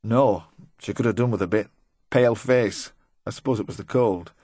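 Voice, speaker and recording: Speaking low at a moderate pace, a man voices a nervous, talkative middle-aged van driver who rambles and jokes his way through questioning with forced joviality, eager to please, chatty but uneasy. The tone is darkish, the recording is dry, and the delivery stays close to an everyday voice.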